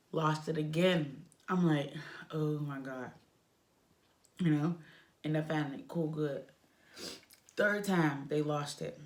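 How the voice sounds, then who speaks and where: A young woman telling a personal story in a casual, emotional way, with big swings in her voice. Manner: animated, emotional retelling with lively pitch swings. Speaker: vlogger telling a birth story.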